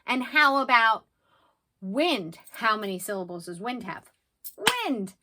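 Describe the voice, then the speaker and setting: Slow, animated woman reading to kids. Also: medium pitch. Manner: animated and sing-song, dropping to soft asides. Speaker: children's teacher. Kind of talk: reading a picture book aloud to children.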